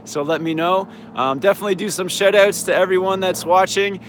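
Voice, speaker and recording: High-voiced, slightly hoarse man outdoors. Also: fairly quick, fairly bright tone. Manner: laid-back and upbeat, lots of "um" and "yeah". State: slightly hoarse, losing his voice. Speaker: snowboard coach and channel host. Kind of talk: casual live-stream Q&A. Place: outdoors in a mountain town. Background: faint traffic and plane noise.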